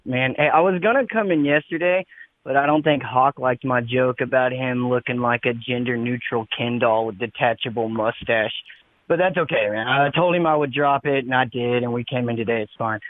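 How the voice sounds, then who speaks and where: A man's voice: mid-range voice, normal speed, dry recording. A man calling into a radio show, laid-back and rambling, peppering his talk with "man". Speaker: caller. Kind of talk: prepared call-in speech. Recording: phone line.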